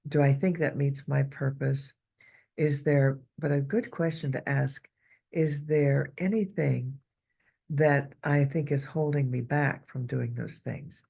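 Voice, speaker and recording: A woman with a gravelly, creaky voice speaks in a reflective spiritual talk. She poses thoughtful questions and restarts her sentences as she thinks aloud. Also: extremely low pitch, steady tone, dark tone. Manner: thoughtful, posing questions, halting.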